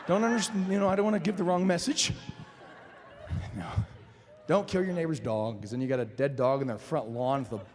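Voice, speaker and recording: A man from Nebraska doing a stand-up comedy set, telling animated stories and acting out voices, in a large theater. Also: fairly high pitch, brisk. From Nebraska, USA. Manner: animated storytelling with acted-out voices. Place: large performing arts theater. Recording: live stage in an echoey hall.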